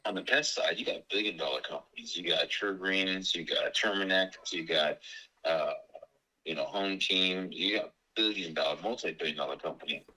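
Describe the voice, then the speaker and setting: A man's voice: low voice, normal speed, pushed and bright, poor audio. A man in his forties who owns a business, talking in a rambling way with lots of fillers and restarts. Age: 40s. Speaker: business owner selling his company. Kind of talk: casual business call.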